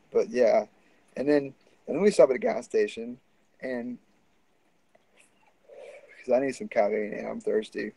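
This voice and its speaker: A man's voice: mid-range voice, gravelly, dark tone, dry recording, poor audio. A man telling a story in a casual, rambling and profane way.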